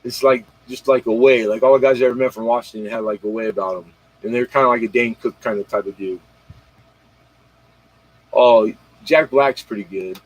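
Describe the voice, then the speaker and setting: Husky, rambling late-night male streamer. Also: mid-range voice, steady tone, normal speed, no room sound, lo-fi sound. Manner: rambling, slangy, talks straight to viewers, retells comedy bits. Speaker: livestream host. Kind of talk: casual late-night livestream chat.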